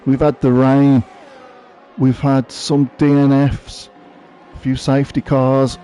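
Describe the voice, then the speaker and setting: A man's voice: medium pitch, level tone, slow pace, mellow. A man giving live, chatty commentary on a sim-racing event, thinking aloud as he watches. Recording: faint background noise.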